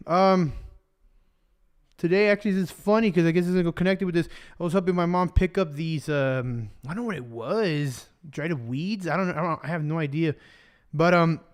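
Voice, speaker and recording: A young man preaching casually on a livestream, switching between English and Spanish and joking along the way. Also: high voice. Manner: chatty, joking, loose with fillers.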